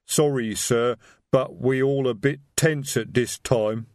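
Slow troll guard, voiced by a male narrator, rumbling, dim, dry close sound. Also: fairly even intonation, darkish tone, no echo, natural voice. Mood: sheepish.

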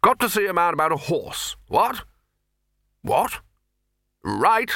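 Man playing a gruff old wizard boss, brusque, snappish, bright tone. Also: high voice, very animated, takes it slowly, dry recording, studio quality, pitched above the performer's own voice, heavily acted. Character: blustering older male wizard head, brusque.

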